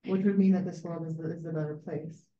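A woman's voice: on the low side, steady tone, fast talker. A woman taking part in a class, answering hesitantly and thinking aloud as she tries to remember. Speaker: class participant. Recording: distant, dull, echoey.

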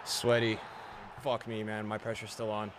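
A young man giving live commentary on his own football video game match to his chat, excitable, swearing often and yelling at big plays. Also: fairly low pitch, moderate pace, noisy background. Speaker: game streamer.

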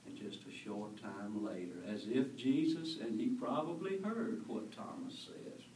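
Heard from a distance in an echoey church with slight background noise, a male pastor speaks a little slowly in a medium-pitched, darkish voice. His sermon is earnest and conversational, and he asks the congregation questions.

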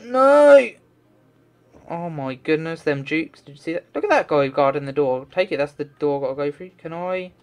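A man's voice: a little high, lively intonation, a little fast, hardly any pauses. A man doing game commentary, talking to himself and swearing in frustration as he plays. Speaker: let's play gamer.

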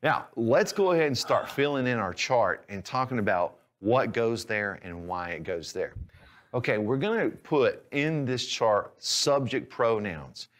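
A man teaching a language lesson, explaining patiently and clearly, step by step. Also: medium pitch, expressive, a little slow. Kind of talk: instructional lesson.

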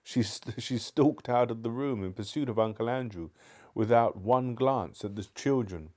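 A man's voice: medium pitch, moderate pace, a little mellow. A man reading a children's novel aloud live, sometimes stumbling and restarting lines. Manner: stumbles and restarts, apologizes to viewers. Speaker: book reader.

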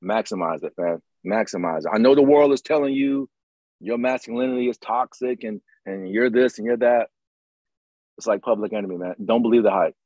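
Husky, emphatic middle-aged man. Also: on the low side, a little fast, a little mellow, no echo, muffled recording. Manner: emphatic, motivational, repeats phrases. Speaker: podcast host, retired Green Beret. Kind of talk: casual conversation.

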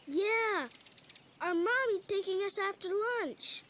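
Small excited boy, very high voice, chatty, faint noise behind. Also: takes it slowly, exaggerated voice. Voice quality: high childlike voice.

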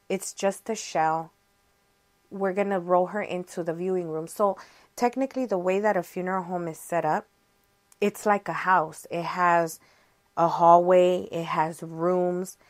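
A young woman tells a personal story on her podcast, in a loose, chatty way. Her voice sits a little low for a woman. She acts out the other people's lines as she goes. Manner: chatty, animated, acts out quoted dialogue. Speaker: podcast host. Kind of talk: casual storytelling.

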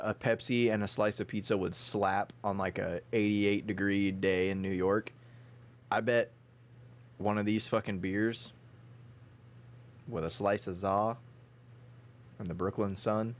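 A man's voice: on the low side, a little slow, long pauses. A young man from Texas co-hosting a podcast, chatting casually, slangy and cursing freely. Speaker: podcast co-host. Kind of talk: casual chat.

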